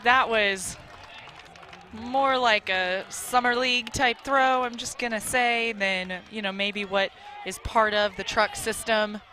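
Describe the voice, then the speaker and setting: A female color commentator with a bright, clear voice, offering upbeat, agreeable analysis of the play. Faint outdoor noise sits behind her live broadcast. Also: fairly high pitch, steady tone, slow pace, some chatter behind.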